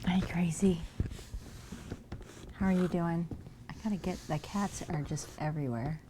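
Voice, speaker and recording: A woman chats on her home live stream with a lower-than-usual voice. She talks casually to viewers and sweet-talks her cats. A faint room ambience sits under her voice. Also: fairly quick, background noise. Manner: chatty, coos at her cats and greets viewers by name.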